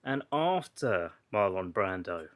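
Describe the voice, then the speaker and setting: Teasing, lively male podcaster. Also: sits low, slow pace. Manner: teasing, sardonic, swearing. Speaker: podcast co-host. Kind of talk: casual film review chat.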